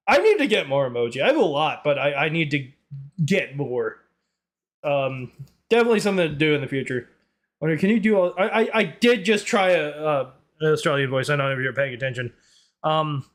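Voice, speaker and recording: A man's voice: a little high, very animated, a little fast. A young man with a Northern Irish accent, chatting on a live stream, rambling off on tangents and laughing often. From Northern Ireland. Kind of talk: casual live-stream chat.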